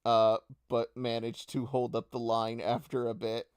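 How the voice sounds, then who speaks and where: A man as game master narrating a tabletop game in an unhurried way, with fillers. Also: medium pitch, monotone, clean tone.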